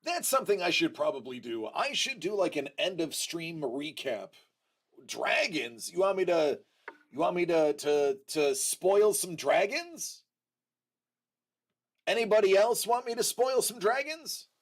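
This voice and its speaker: A man hosting a casual livestream, chatting with viewers in an unhurried way, with frequent restarts and fillers. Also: high voice, very animated. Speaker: livestream host.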